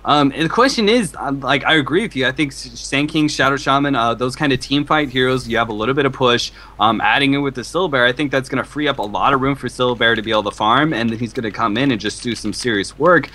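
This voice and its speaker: A man casting a video game match, joking and excitable in banter with his co-caster. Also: medium pitch, quick pace, hardly any pauses. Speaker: esports caster. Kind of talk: game commentary.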